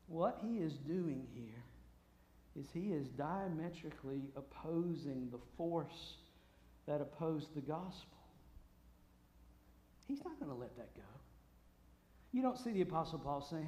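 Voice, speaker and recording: A man preaching a sermon, swinging from booming shouts to hushed asides. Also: slow pace. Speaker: pastor. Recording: roomy echo.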